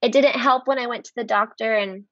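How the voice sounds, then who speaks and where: A woman in her thirties talks about her faith as a podcast guest, earnest and heartfelt, with a slightly high voice. She fills her talk with "like" as she speaks. The recording is dull and lo-fi, with a dry sound and no room echo. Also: steady tone, brisk, fairly bright tone. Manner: earnest, heartfelt, many "like" fillers. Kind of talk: casual faith conversation.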